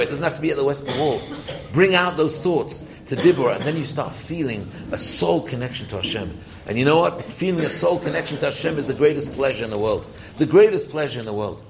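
A man's voice: on the high side, gravelly, slight background noise, rough recording. A man, a rabbi, giving an informal Torah talk to students, emphatic and repetitive, asking questions and answering them himself.

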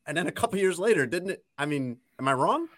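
A man's voice: fairly high pitch, animated, fast, a bit bright. A man, a sports reporter, talking casually and with strong opinions, and teasing his critics.

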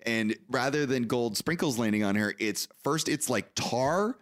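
A man's voice: mid-range voice, expressive, unhurried, fairly bright tone. A man co-hosting a podcast, casually recapping a movie plot with an easygoing manner and frequent laughs. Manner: easygoing, laughs often, narrates plot steadily. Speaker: podcast co-host.

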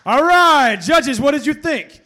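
Slam emcee: man, very high and bright voice, slow-paced, loose and profane, faint noise behind. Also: lively intonation. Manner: loose, profane, calls out scores. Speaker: poetry slam host. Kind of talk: emceeing a live poetry slam.

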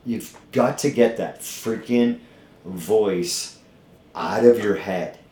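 A middle-aged gym owner hosts a casual podcast, speaking bluntly, with profanity, in a fired-up motivational way. His voice sits on the low side, with a slow pace and a warm tone. The room sounds echoey.

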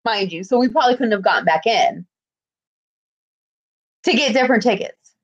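Woman, high voice, casual podcast chat, blunt and profane, animated storyteller. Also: moderate pace, muffled recording. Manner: blunt, swears freely, animated retelling.

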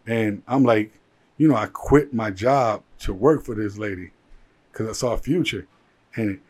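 A man, a jeweler and entrepreneur, telling his life story in a casual interview, animated and full of "like" fillers. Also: on the low side, normal speed, husky.

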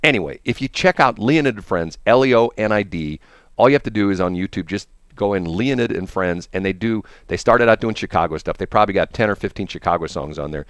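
Animated, rambling male radio host. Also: on the low side, fast talker, clear, resonant tone, no echo. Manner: rambling, enthusiastic storytelling with many restarts. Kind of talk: casual chat.

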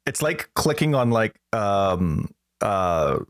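A man's voice: lowish voice, sing-song, takes it slowly, dry recording, studio quality. A man co-hosting a podcast in casual chat, telling rambling jokey stories. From Canada. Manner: rambling, joking storyteller. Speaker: podcast co-host.

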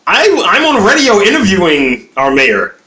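Lively, jokey man from West Baltimore. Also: sits high, moderate pace. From West Baltimore, USA. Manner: jokey, rambling, swears, laughs at own jokes. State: high. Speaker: podcast co-host. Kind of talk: casual profane banter. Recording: echoey room.

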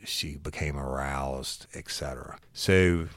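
Very deep-voiced man telling a case. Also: slow pace, fairly bright tone, dry recording, clean studio sound. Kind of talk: casual true-crime storytelling.

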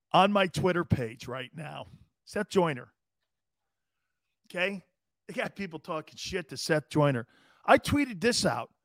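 Man, sports talk host, high voice, dry close sound, rowdy and jokey, live stream chat. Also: no echo. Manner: animated, joking, profane, quick to laugh. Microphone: studio mic he adjusts himself.

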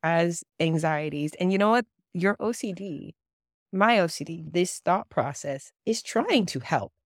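A woman host with a lowish voice, talking earnestly and openly in a candid interview. The sound is dry and close, with no room around it. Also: expressive, a little slow, dry recording. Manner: earnest, confessional, emotional at times. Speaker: podcast host and therapist.

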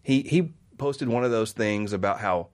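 Here the man talks at a normal speed, his pitch on the low side. He's a Midwestern guest in a relaxed conversation, an animated storyteller who voices the people he quotes.

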